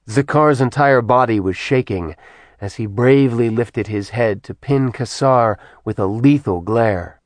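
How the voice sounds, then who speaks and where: A man reading a novel aloud in measured, even scripted narration. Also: medium pitch, no echo. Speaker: audiobook narrator.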